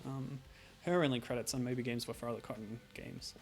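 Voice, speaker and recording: A man's voice: mid-range voice, fairly even intonation, brisk, soft background music. A man streaming a retro game, chatting casually and wryly with frequent laughs.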